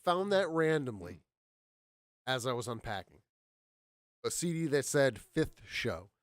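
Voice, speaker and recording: A man's voice: medium pitch, very animated, measured pace, dry recording, clean studio sound. A man hosting a casual live show. He rambles, laughs and repeats himself. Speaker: podcast host. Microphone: studio mic.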